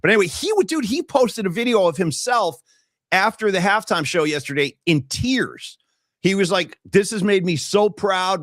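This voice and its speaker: Male co-host, upbeat and jokey, fairly high for a man, dry close sound, a touch weary. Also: fairly bright tone, no room sound. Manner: upbeat, joking, talks to viewers by name. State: a bit worn out after a big night. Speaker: podcast co-host. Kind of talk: casual sports talk show. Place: small studio.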